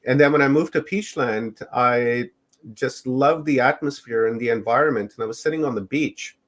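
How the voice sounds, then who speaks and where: A middle-aged man from Canada, a podcast guest recounting his own experiences in a loose, unhurried way. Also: medium pitch. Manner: unhurried, rambling storytelling. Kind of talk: personal storytelling in an interview.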